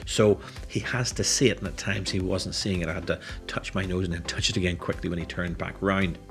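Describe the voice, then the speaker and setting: Low-voiced man explaining hypnosis. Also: steady tone, fairly quick, soft background music. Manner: explanatory, casually talking through his own video. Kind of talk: tutorial commentary.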